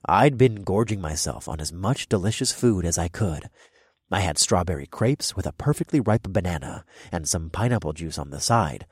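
A man narrating a first-person fantasy audiobook in a steady, measured way on a close studio mic. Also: low voice, breathy edge, dry recording.

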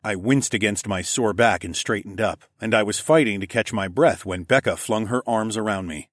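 A man reads a first-person audiobook in a steady, even storytelling manner. His voice sits on the low side, recorded close and completely dry. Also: moderate pace, dry recording. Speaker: narrator.

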